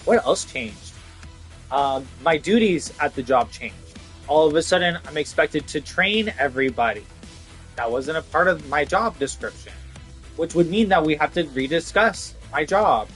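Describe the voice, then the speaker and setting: A man's voice: fairly high pitch, fairly bright tone. A young man ranting casually about losing his job, frustrated and sweary, filling his talk with "like". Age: young adult. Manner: frustrated, swearing, heavy "like" fillers. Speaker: vlogger. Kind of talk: casual rant to camera.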